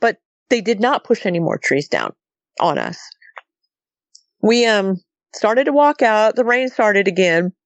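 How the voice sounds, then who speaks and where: A woman's voice: medium pitch, measured pace, no echo. Storytelling middle-aged woman from Montana. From Montana, USA. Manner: animated, acts out quoted dialogue with repeated "she goes". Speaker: guest recounting a sighting. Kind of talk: casual storytelling interview.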